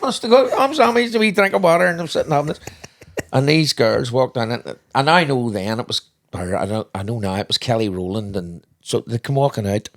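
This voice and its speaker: A man's voice: medium pitch, lively intonation, a little fast. A man co-hosting a podcast, telling rambling anecdotes in casual chat and swearing freely. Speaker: podcast co-host, father.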